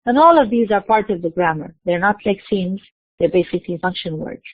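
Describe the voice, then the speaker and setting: Female lecturer, mid-pitched voice, patient explaining with self-posed questions, dry close recording, tinny narrow sound. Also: lively intonation, fairly quick, no echo. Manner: explanatory, repeats words and restarts, asks and answers own questions. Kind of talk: university lecture.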